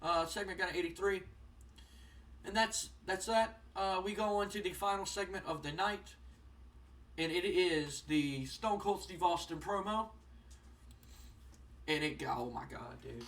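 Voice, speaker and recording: A young man casually commenting on a wrestling management game, rambling with lots of fillers and getting excited. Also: on the high side, normal speed, distant mic. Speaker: gaming channel host. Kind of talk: casual let's-play commentary.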